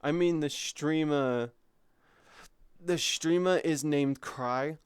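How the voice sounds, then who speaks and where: Casual guy streaming, talks to chat, kind and sweary, smooth tone. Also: on the high side, takes it slowly, no echo, clean studio sound. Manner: swears freely and reads chat aloud. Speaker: VTuber streamer.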